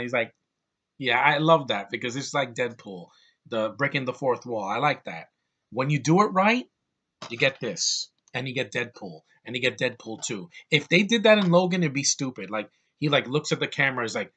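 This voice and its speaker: A young man giving a casual, opinionated movie review, blunt and ranting, swearing freely and repeating words when excited. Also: medium pitch, moderate pace, slightly rough.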